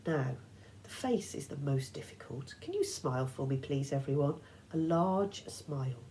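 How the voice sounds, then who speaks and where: A woman voicing a soothing old female monster posing as a kindly grandmother, with a soft, coaxing purr. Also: rumbling low, moderate pace, slight background noise, rough recording. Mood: sweetly coaxing.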